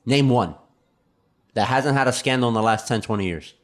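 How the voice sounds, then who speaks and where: A man's voice: medium pitch, fast talker. Jokey man co-hosting a chat show. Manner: jokey, laughs easily, wry asides. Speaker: podcast co-host. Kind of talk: casual chat.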